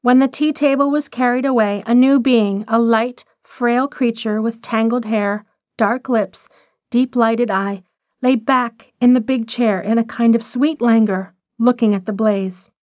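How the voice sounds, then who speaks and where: A woman narrating a short story in a measured, expressive reading. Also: fairly high pitch, dry recording, studio quality.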